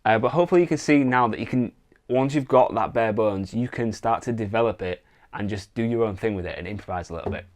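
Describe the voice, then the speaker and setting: A man teaching songwriting in a relaxed, casual way, thinking aloud and demonstrating on guitar. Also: fairly low pitch, fast talker. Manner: relaxed, thinks aloud with fillers, sings wordless vocal lines. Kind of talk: casual instructional talk with guitar demos. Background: acoustic guitar playing.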